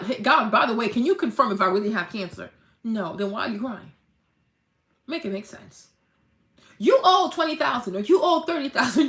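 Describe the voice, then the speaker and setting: Woman vlogger preaching faith, high voice going all over the place, kinda echoey room. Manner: animated, preachy, acts out mock-dramatic quotes, swears casually. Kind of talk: casual faith-based motivational talk.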